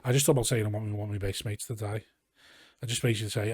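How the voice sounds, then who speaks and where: A man's voice: on the low side, steady tone, racing, darkish tone, slightly rough, no echo, studio quality. A man from Liverpool with a Scouse accent, a comedian chatting casually as a podcast guest, rambling and swearing freely. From Liverpool, England. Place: garage studio.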